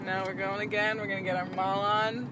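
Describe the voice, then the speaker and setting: A woman's voice: mid-range voice, level tone, a little fast, heavy background noise. Giggly woman with a stuffy nasal voice. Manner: giggly, joking. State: nasal from a cold. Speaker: podcast host. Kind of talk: casual chat.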